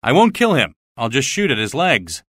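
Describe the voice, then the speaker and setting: A man voicing a bold, steady American stranger who gives firm commands. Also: mid-range voice, moderate pace, no room sound, clean studio sound. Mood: firm reassurance.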